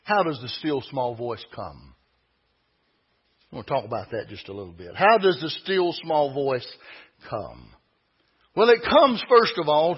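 Husky-voiced man preaching a folksy sermon. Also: a little high. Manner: folksy, rhetorical questions, emphatic preaching. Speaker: pastor. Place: church sanctuary. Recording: dull lo-fi recording.

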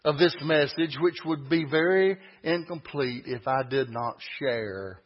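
A man preaching a sermon, folksy and emphatic, building to loud peaks. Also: a little high, measured pace, slightly rough, dull audio.

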